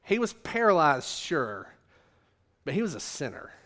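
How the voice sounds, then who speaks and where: A male preacher delivers a sermon in a loose, conversational way. His voice sits high for a man, and he fills his talk with jokes and casual fillers. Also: very animated, unhurried, sharp tone. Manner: casual and joking, many fillers like 'like' and 'uh'.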